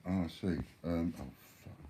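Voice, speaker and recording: A man's voice: deep voice, steady tone, moderate pace, warm tone, slight background noise. A man replying bluntly to viewer chat during a live stream, swearing freely.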